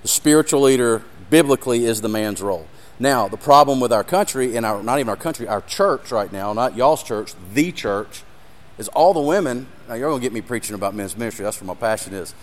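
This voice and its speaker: A man's voice: mid-range voice, expressive, a little fast. Earnest man preaching. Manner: earnest, addresses audience directly, emotional. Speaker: ministry speaker. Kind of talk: sermon with live demonstration.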